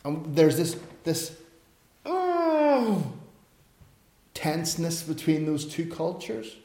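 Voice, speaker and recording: A man preaching a sermon, telling the story in an animated way that swings from quiet asides to loud bursts. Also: fairly high pitch, a little slow, gravelly. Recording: echoey room.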